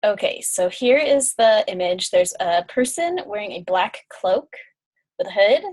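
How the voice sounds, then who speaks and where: A chatty woman, an intuitive healer, leads a guided energy-clearing session, filling it with fillers and yawns. Her medium-pitched voice is darkish in tone, with lively intonation and a measured pace.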